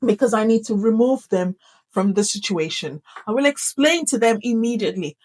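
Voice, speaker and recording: A middle-aged woman teacher explaining classroom management in an animated, emphatic way, often repeating key phrases for effect. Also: a little high, moderate pace, rough recording. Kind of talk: instructional talk to camera.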